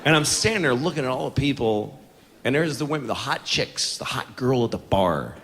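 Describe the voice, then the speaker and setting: A man's voice: mid-range voice, animated, fairly quick. A man performing a stand-up comedy routine, telling stories in a rambling, exasperated way. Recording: live venue with long reverb and noise.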